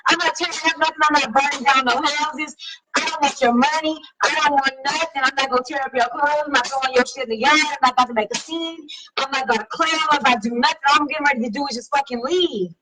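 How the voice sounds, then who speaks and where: A woman's voice: sits high, fast talker, far from the mic, a crowd in the background, poor audio. A woman hosting a casual live-stream talk show, reading viewer comments and talking in an emphatic, slangy, sassy way. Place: home live stream over wireless connection.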